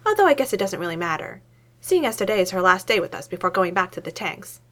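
A woman's voice: medium pitch, very animated, fast talker, a bit bright. A cheerful, cocky male lab scientist, put on by a woman reading a story aloud. He talks breezily, boastful and pleased with himself. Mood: breezy.

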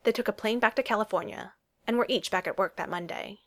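A woman reading a romance story aloud as an audiobook narrator. Her storytelling is steady and even, keeping a smooth, measured flow through the narration. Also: mid-range voice.

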